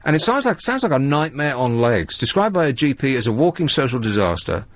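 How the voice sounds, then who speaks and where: A man's voice: mid-range voice, big pitch swings, fairly quick, dry recording. A man hosting a radio talk show, with a dry, sardonic way of reading out tabloid stories. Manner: dry, sardonic, reads tabloid quotes aloud. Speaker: radio host. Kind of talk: late-night radio talk with callers. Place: radio studio.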